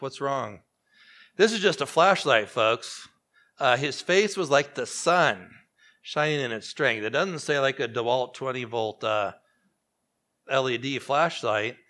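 Animated male preacher, hushed drops. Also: medium pitch. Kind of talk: sermon.

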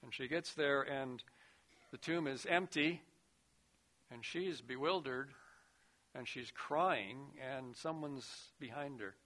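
Bright slow-preaching man. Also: mid-range voice. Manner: earnest preaching, swings between loud emphasis and hushed quiet. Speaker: pastor. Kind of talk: sermon.

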